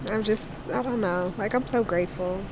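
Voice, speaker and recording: A woman's voice: medium pitch, moderate pace, background noise. A woman vlogging casually outdoors on a trip, emotional and grateful, swearing now and then. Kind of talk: casual vlog chat.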